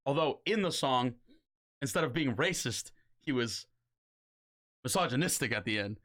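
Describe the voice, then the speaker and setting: A young man co-hosting a casual podcast, talking in an animated, swearing way and slipping into mock voices. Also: medium pitch, normal speed. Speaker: podcast co-host.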